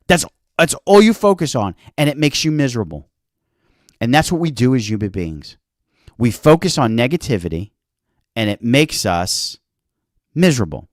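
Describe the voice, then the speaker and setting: A man's voice: mid-range voice, dry recording, clean studio sound. A man hosting a health talk show, giving an earnest motivational talk and acting out little quoted exchanges.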